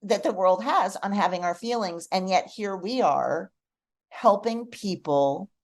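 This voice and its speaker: A middle-aged woman, a guest on a podcast, telling personal stories in a heartfelt, expressive way. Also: medium pitch, unhurried. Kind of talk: casual podcast conversation.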